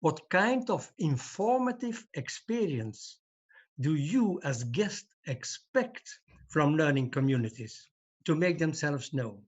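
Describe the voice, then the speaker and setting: An older man giving a formal conference talk over a video call, speaking in a measured, deliberate way. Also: on the high side, lively intonation, breathy edge. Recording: dull lo-fi video call audio.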